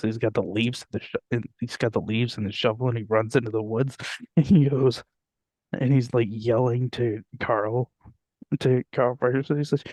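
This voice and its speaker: A man's voice: medium pitch, steady tone, moderate pace, a little mellow, no echo. A young man co-hosting a podcast in casual chat, joking and laughing often. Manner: laughs often, jokey, puts on silly voices for quotes. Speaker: podcast co-host.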